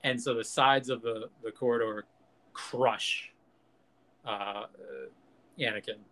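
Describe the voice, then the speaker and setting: A man's voice: medium pitch, fairly even intonation, slow pace, pushed and bright. A man hosting a podcast, ranting in casual, profane, jokey chat and acting out quotes. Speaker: podcast host.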